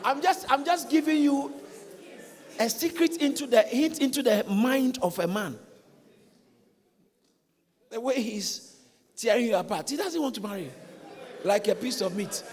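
A man's voice: very high voice, expressive, moderate pace, long pauses. A man preaching as a pastor in a church, telling a story with energy, repeating phrases and putting questions to the congregation. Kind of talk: sermon. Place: church hall. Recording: echoey church hall.

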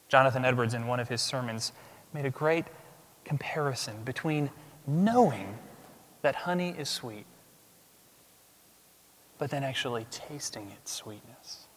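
A man preaching a sermon as pastor, emphatic, swinging from loud declarations to hushed asides. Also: medium pitch, expressive, measured pace, pauses often. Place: church sanctuary. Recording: long reverb of a large hall.

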